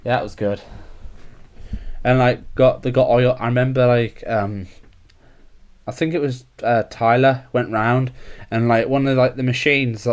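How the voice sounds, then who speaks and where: A young man hosting a casual podcast chat. He rambles from one thought to the next, packing his talk with filler words at a middling pitch. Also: a little mellow. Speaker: podcast host.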